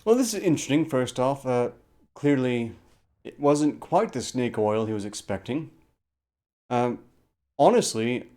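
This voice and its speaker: A man co-hosting a casual livestream, commenting wryly with sudden loud outbursts. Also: mid-range voice. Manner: wry, jumps into loud excited outbursts. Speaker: stream co-host commenting.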